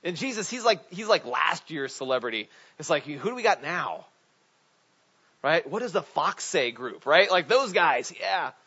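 Animated man preaching a casual sermon. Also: on the high side, moderate pace, slightly rough. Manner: conversational, animated, many restarts and asides. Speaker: pastor. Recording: dull lo-fi recording.

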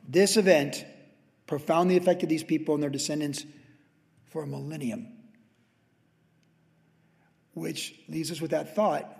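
A man's voice: a little high, darkish tone. A middle-aged man teaching verse by verse as a pastor, emphatic and conversational, with frequent restarts. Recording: long reverb of a large hall.

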